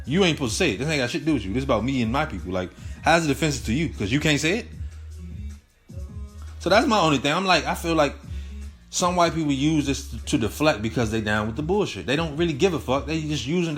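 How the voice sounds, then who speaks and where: A man's voice: a little high, animated, fast, faint music behind. A young man hosting his own show, giving a heated, profane, rambling rant full of slang. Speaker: host. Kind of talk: casual solo commentary.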